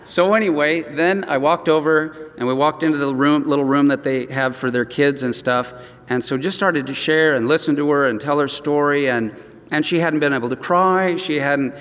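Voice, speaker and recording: A man's voice: on the high side, moderate pace, a bit bright. A man preaching a sermon as pastor, telling a personal story in an earnest way with frequent restarts. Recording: long reverb from a hall.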